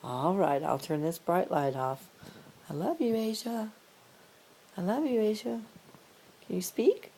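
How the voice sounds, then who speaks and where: A woman at home talking baby talk to her pet cat, coaxing it softly and often dropping to a hush. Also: fairly low pitch, unhurried, pauses often, slight background noise, low-quality recording. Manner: soft, cooing, often hushed. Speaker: cat owner.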